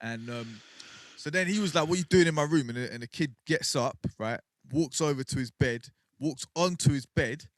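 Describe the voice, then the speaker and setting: A man telling a ghost story in casual podcast banter, animated and laughing often. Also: mid-range voice, moderate pace, no room sound. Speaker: podcast co-host.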